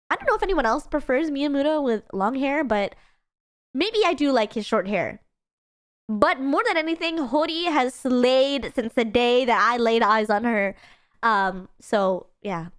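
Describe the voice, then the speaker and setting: A woman's voice: sits high, clean tone. A woman hosting a live stream, chatting casually and thinking aloud to her chat. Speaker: streamer hosting an anime guessing game.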